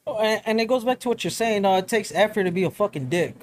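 A man's voice: high-pitched, lively intonation, fast talker. A young man co-hosting a podcast, chatting casually, swearing often and calling people dog and fool. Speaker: podcast co-host. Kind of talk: casual chat.

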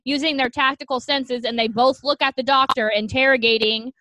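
A woman's voice: high voice, steady tone, sharp tone, no echo, rough recording. A woman co-hosting a podcast, cutting in eagerly with her take on movie scenes. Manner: enthusiastic, quick interjections. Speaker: podcast co-host. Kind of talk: casual movie chat.

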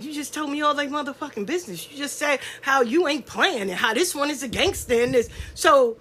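A woman hosts a casual podcast, talking bluntly and full of profanity. Her voice sits high and bright. She swings widely in pitch and mimics the people she talks about. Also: expressive, brisk, hardly any pauses, slight background noise. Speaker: podcast host. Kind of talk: casual solo podcast rant.

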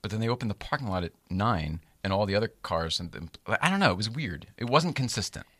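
A man hosting a casual chat, telling a story in an animated way and laughing often. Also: on the low side, fast talker, no echo, studio quality. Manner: animated, laughs often, acts out voices in quotes.

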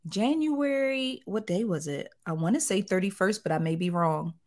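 A woman's voice: lowish voice, fairly quick. A middle-aged woman telling a story in a casual interview, acting out the quotes in different voices. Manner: animated, acts out quotes in voices. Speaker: guest, site owner.

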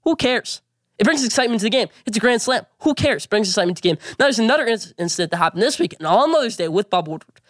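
A man's voice: high voice, animated, very fast, no echo, studio quality. A man hosting a sports opinion vlog, delivering emphatic, opinionated takes and repeating his points. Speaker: sports show host.

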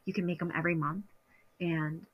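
A woman's voice: lowish voice, steady tone, a little fast, husky, highs cut off. A woman who is a podcast guest, comforting and upbeat in casual chat, laughing often.

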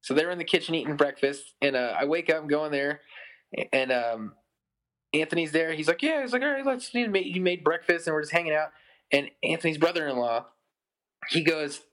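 A brisk, slightly high-voiced man in his thirties tells a drawn-out story during a casual podcast conversation. He's a musician appearing as a guest, and his telling is meandering, heavy on "like," and animated whenever he quotes someone.

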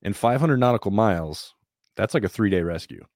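A man telling a story in a casual, plain-spoken and animated way, sometimes swearing. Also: lowish voice, a little fast, no room sound, clean studio sound.

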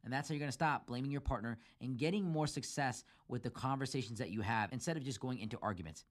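A man's voice: medium pitch, quick pace. A man hosting a solo podcast, giving relationship advice in numbered steps and acting out quoted arguments in a raised, emphatic voice.

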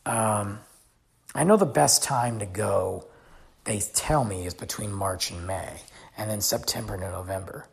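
A man hosting a podcast, telling a travel story in a chatty, animated way. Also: on the low side, measured pace, gravelly, breathy edge. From United States. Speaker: podcast host. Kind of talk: casual storytelling.

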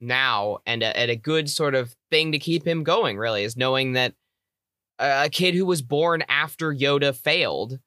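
A man with a bright, forceful voice co-hosts a casual fan podcast. He is wry and teasing and talks in quick bursts. His voice sits dry and close to the mic. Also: medium pitch, no echo. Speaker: podcast co-host.

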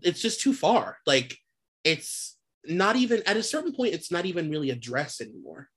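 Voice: medium pitch, big pitch swings, moderate pace, fairly bright tone, breathy edge. A podcast co-host in casual chat, slangy and swearing, often restarting words mid-sentence.

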